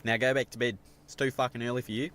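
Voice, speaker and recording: A man voicing a brash, foul-mouthed Australian bloke in a gruff, swaggering manner. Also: mid-range voice, little pitch movement, fast, heavy background noise, lightly acted. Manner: swearing, gruff bravado. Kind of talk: animated sketch voice acting.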